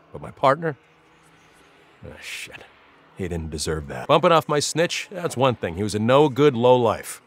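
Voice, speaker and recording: Gruff, swaggering New noir cop for a game; fairly high, bright, very lively delivery. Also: male voice. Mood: grumbling, bitter. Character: foul-mouthed hard-drinking male noir city cop, middle-aged, tough. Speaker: game character. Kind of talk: video game voice lines.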